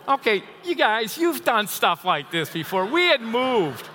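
A man's voice: very high-pitched, very animated, a little slow, few pauses, sharp tone. A man preaching a sermon, telling a funny personal story with chuckles before turning to scripture. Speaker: pastor. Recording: long hall reverb.

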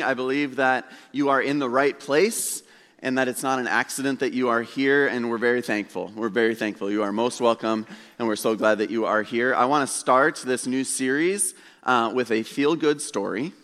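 A man's voice: medium pitch, moderate pace, a bit bright. A male pastor delivers a casual, story-driven sermon with self-deprecating humor. His mid-range voice rings with a long reverb that fills the church sanctuary.

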